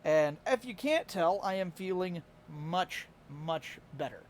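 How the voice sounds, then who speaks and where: A man's voice: high voice, animated, slow, slight background noise. A tired man with a Midwestern American accent, chatting casually and laughing often as he streams live to his chat. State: a little tired.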